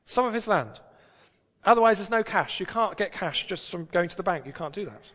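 High-voiced British male preacher. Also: expressive, brisk, fairly bright tone, breathy edge, long reverb tail. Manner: conversational, emphatic, rhetorical questions. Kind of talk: sermon. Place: church.

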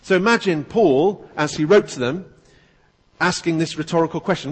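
A male preacher giving a relaxed, joking sermon to his church. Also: a little high, moderate pace, slightly rough. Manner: conversational, jokey. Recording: long church reverb.

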